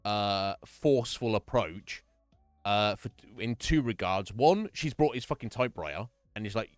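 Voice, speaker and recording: A man's voice: fairly low pitch, expressive, normal speed, no room sound, soft background music. A man streaming live, casually recapping a horror game's story in a rambling, swear-heavy way and laughing often. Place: home streaming setup.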